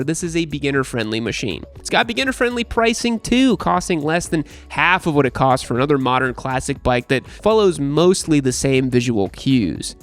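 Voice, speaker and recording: A young man hosting a motorcycle channel, reading a scripted review with wry, sarcastic humor over faint background music. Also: a little high.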